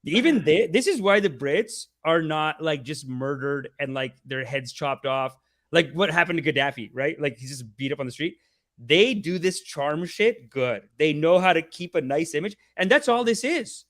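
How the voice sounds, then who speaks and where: A man's voice: on the high side, lively intonation, moderate pace, a bit bright. A man hosting a casual podcast, profane and rambling in his banter. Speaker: podcast host.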